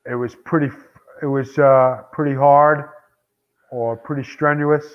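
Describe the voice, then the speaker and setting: A New man speaks as an interview guest, easygoing and a bit hesitant as he guesses. His voice sits at a middle pitch for a man. It comes through a dull, lo-fi call line. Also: fairly even intonation, measured pace, clear, resonant tone. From New York. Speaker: guest, former wrestler. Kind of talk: casual interview.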